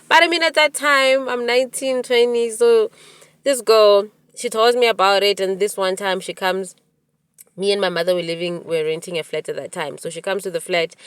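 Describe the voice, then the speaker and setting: A woman in her forties hosting a podcast, telling a personal story in an animated way, with many restarts. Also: mid-range voice, clear, resonant tone, no room sound. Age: 40s. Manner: animated retelling with quoted dialogue, frequent restarts. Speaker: podcast host. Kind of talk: storytelling monologue.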